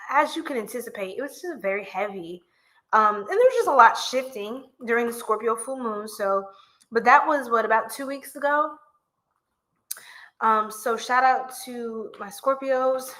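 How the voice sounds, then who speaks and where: A woman's voice: fairly high pitch, bright, forceful tone, rough recording. A woman hosting a casual livestream card reading, chatty and full of fillers, talking to viewers into a phone. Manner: chatty, many fillers, addresses viewers as y'all. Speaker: tarot reader, livestream host.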